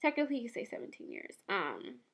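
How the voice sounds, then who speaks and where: A tearful woman in her twenties from the San Francisco Bay Area, speaking softly and haltingly in a personal memorial video. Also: on the high side, wildly swooping pitch, creaky. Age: 20s. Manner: soft, halting and emotional. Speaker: vlogger.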